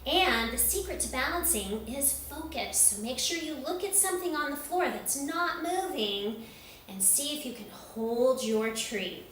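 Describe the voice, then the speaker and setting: Gentle woman leading a kids' yoga class. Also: high voice, animated, unhurried, a little hiss or hum. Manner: gentle, encouraging, sing-song. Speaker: children's yoga teacher. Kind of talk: guided kids' yoga lesson. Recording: echoey room, recorded from a distance.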